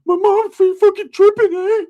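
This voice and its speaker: Guy doing a scared squeaky teen cousin, all whiny and out of breath. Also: steady tone, normal speed, muffled recording. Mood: panicked.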